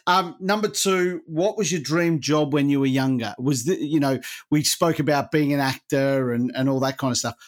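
A man hosting a podcast, asking questions and agreeing warmly with his guest. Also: medium pitch, moderate pace, few pauses. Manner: friendly, affirming interjections. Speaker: podcast host. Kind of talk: casual podcast interview.

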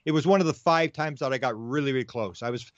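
A man from Winnipeg, a guest author telling stories in an excitable, rapid-fire way. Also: medium pitch, dry recording, lo-fi sound. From Winnipeg, Canada. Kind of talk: animated storytelling interview.

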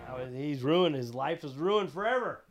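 A man's voice: fairly high pitch, normal speed, soft background music. Man rambling through a profane comic story. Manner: profane, digressive, animated. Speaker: podcast host.

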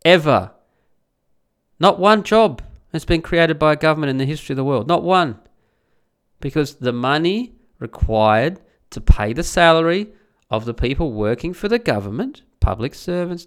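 A man rants through a monologue in a gravelly, fairly high voice. His pitch swoops all over, and he is crude and combative, firing off rhetorical questions. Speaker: commentator. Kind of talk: ranting monologue.

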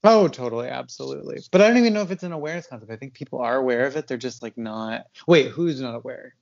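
A man's voice: mid-range voice, lively intonation, fast talker, creaky, a little mellow, lo-fi sound. A man co-hosting a podcast in casual chat, tired and yawning, rambling with frequent laughs and fillers. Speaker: podcast co-host.

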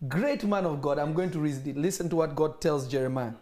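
A man preaching a sermon, telling a story and acting out the voices in an animated way. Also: fairly high pitch, a little fast.

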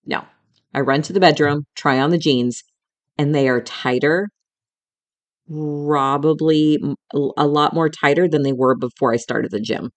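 This podcast host is a middle-aged woman whose voice sits low and moves at a moderate pace. She shares a personal story with raw emotion and some swearing, addressing the listener like a friend.

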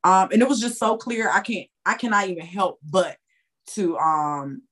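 A woman guest on a podcast, a tarot reader telling a story in a lively, chatty way with loose, slangy phrasing. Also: mid-range voice, normal speed. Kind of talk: casual storytelling.

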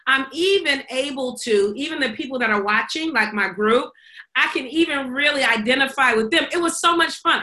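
A woman's voice: fairly high pitch, bright, forceful tone. A woman co-hosting a podcast, telling a story in casual chat, acting out quotes and laughing often. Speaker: podcast co-host.

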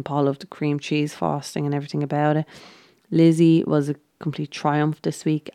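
A woman's voice: deep voice, vocal fry, mellow, no echo, studio quality. A woman hosting a podcast, recapping casually and chattily with lots of fillers. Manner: chatty, enthusiastic, many fillers. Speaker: podcast host.

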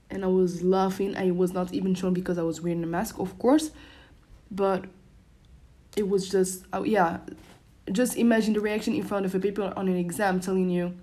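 A young woman, a native French speaker, chats through her own solo podcast from her bedroom. She rambles loosely, restarting sentences and leaning on fillers, at a mid pitch for a woman. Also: a little mellow, slightly rough. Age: young adult. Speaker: podcast host. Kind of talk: casual solo podcast chat. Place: her room at home.

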